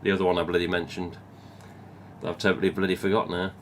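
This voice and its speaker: A lowish-voiced man with an English Midlands accent rambles through a casual live stream from home. He reads out viewer comments, swears freely, and keeps drifting between topics. Faint room hiss sits behind his voice. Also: level tone, fast. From England.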